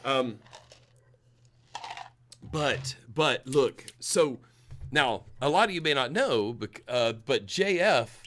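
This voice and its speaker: A man co-hosting a casual drinking podcast chat, animated and laughing, slipping into mocking impressions. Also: mid-range voice, slow, pauses often. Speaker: podcast co-host.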